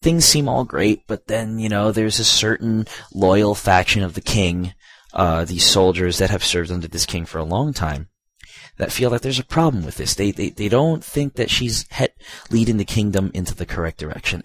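A man's voice: on the low side, moderate pace, dry recording. A man giving a casual, rambling video game review, full of fillers, asides and profanity.

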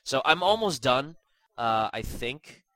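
A man's voice: mid-range voice, sing-song, takes it slowly, pushed and bright, poor audio. A young man with a stuffy nose hosting a casual gaming podcast, rambling with lots of fillers and self-deprecating asides. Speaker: podcast host.

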